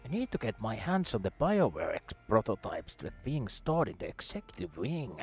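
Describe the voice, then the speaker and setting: A man's voice: fairly low pitch, sing-song, moderate pace, few pauses, breathy edge, dry recording. A man streaming a video game, chatting casually, swearing now and then and reading the on-screen text aloud.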